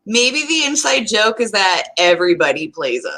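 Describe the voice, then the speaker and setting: A woman's voice: mid-range voice, sing-song, moderate pace, a loud crowd. A woman co-hosting a wrestling podcast, chiming in with short laughing remarks. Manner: brief laughing interjections. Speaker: guest co-host. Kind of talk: casual wrestling podcast chat.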